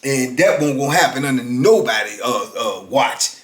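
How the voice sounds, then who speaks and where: A man's voice: mid-range voice, expressive, fairly bright tone. Man, 50s, laid-back storyteller, mid-range voice, roomy recording. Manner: laid-back, drawn-out, peppers talk with "man". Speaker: former prisoner telling his story. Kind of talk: casual storytelling. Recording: roomy echo.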